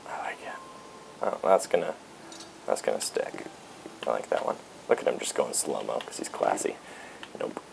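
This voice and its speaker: A man's voice: extremely low pitch, big pitch swings, moderate pace, gravelly, long pauses, whispered, rough recording. A man giving casual, joking commentary as he plays a video game. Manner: joking, riffs and sings along. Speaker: let's play gamer.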